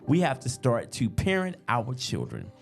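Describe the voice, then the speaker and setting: A man's voice: medium pitch, normal speed, faint music behind. A man in his fifties with a Southern US accent, co-hosting a casual podcast and telling stories with lots of feeling. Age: 50s. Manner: animated storyteller who acts out the people he quotes. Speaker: podcast co-host.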